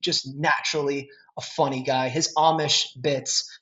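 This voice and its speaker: A man's voice: a little high, measured pace. A man from Minnesota with a Minnesotan accent, chatting as a podcast guest and telling stories with lots of restarts. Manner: animated storyteller, laughs often, many restarts. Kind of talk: casual podcast chat. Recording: dull lo-fi sound.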